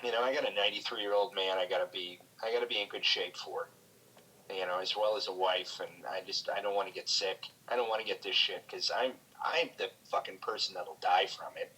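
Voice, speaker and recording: On a low-quality call recording, a male guest comedian with a deep, steady, sharp, slightly rough voice chats casually. He speaks candidly, swears freely, and keeps halting to restart his sentences.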